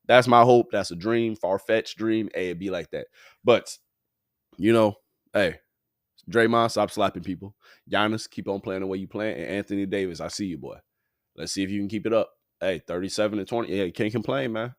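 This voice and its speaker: A man's voice: lowish voice, fairly quick, no echo, clean studio sound. Tired, slangy man hosting a sports podcast. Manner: slangy, profane, loose and rambling. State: tired, yawning. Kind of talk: casual sports talk.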